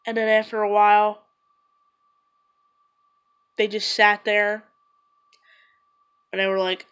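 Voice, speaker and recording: A woman talks straight to her camera in a casual, rambling way, leaning on "like" as she goes. Her voice sits at an ordinary middle pitch. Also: flat delivery, slow pace, long pauses, a bit bright, clear, resonant tone. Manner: rambling, loose, full of "like". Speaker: vlogger.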